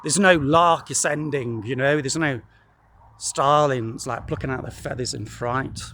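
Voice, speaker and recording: A man's voice: mid-range voice, a little slow, noisy background. A man rambling through a dry, jokey monologue to the camera outdoors in a wheat field, swearing freely. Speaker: vlogger.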